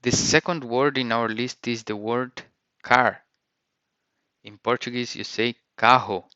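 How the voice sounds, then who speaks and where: A man's voice: mid-range voice, steady tone, measured pace, sharp tone, clean tone, dry recording, muffled recording. A man teaching a vocabulary lesson, saying each word and repeating it with careful pronunciation. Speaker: language teacher.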